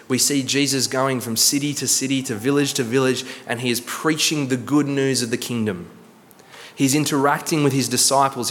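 A man preaching a sermon as pastor, earnest, slowing for emphasis and repeating words. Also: medium pitch, a bit bright. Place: church hall. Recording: long church reverb.

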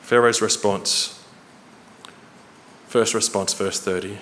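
A man preaching a sermon in a church hall, earnest and storytelling, slowing and quickening for emphasis. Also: fairly low pitch, steady tone, a bit bright. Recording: reverberant hall, faint noise.

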